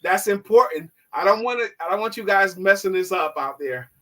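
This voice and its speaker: A man coaching on sales as a guest on a live online show, teaching in an instructive, emphatic way and at times dropping his voice slow and low to demonstrate. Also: animated, a bit bright, low-quality recording.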